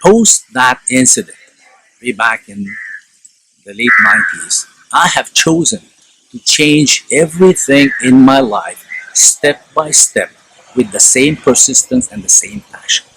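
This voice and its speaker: A middle-aged man from India tells a personal story to his audience. His voice has a gravelly, husky edge, and his pitch swings widely as he acts out each line of dialogue. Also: very animated, a little slow, bright, forceful tone, dry recording, rough recording. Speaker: speaker.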